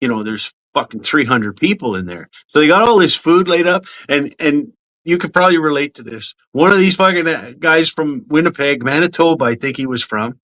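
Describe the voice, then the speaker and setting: A man from Canada telling lively, swear-laced stories from his cadet days in a casual chat. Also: fairly high pitch, fairly quick. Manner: animated storyteller, swears casually.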